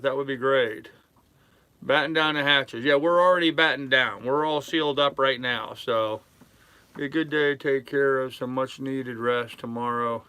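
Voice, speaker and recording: Rambling older man, bright voice. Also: mid-range voice, clean tone, no room sound. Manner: rambling, relaxed, drawling with fillers. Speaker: sailing vlogger reading live chat. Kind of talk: casual live-stream chat. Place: aboard a sailboat in a harbor.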